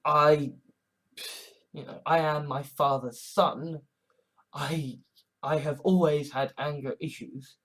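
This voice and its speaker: A man's voice: on the high side, steady tone, slow pace, pauses often, a bit bright. A man ranting in a blunt, emotional monologue, swearing freely as an online preacher.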